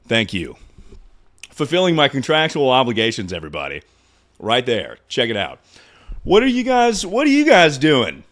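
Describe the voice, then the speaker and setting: A man in his twenties chatting casually to his livestream audience, out of breath, loud and excitable, swearing freely. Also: mid-range voice, moderate pace. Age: 20s. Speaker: streamer.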